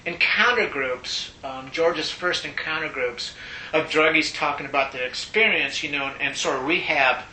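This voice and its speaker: An older man being interviewed, telling stories in a casual, animated way and laughing often. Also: normal speed. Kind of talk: casual storytelling. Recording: roomy echo, faint rumble.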